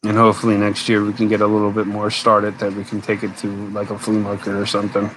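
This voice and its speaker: A man's voice: fairly low pitch, completely flat delivery, fast, a bit bright, a little hiss or hum, low-quality recording. A man hosting a casual late-night live stream, rambling, answering viewers' comments, tired and yawning. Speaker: homesteader live-stream host.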